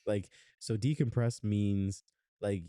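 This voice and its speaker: Speaking slowly with fairly even intonation, a young podcast co-host uses a lowish voice that is dark and smooth. He rambles through a casual chat with many fillers and restarts, captured in a dry, studio-quality recording.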